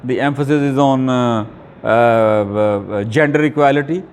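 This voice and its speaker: A man giving an academic video lecture, talking deliberately with frequent fillers and restarts. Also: mid-range voice, darkish tone, in a large hall, a little hiss or hum.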